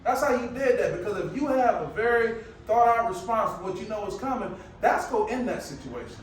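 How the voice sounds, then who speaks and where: Man, motivational speaker, high-pitched voice, lively call-and-response, very echoey room, distant mic. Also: quick pace, hardly any pauses. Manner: energetic, preacher-like call and response; casual, colloquial phrasing. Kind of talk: live motivational presentation. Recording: very echoey room, picked up from afar.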